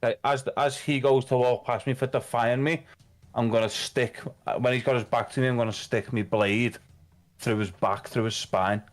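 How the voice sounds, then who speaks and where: A man's voice: medium pitch, fairly even intonation, normal speed. A man, playing a tabletop game, blunt and laying out his moves aloud. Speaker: player. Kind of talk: casual tabletop play.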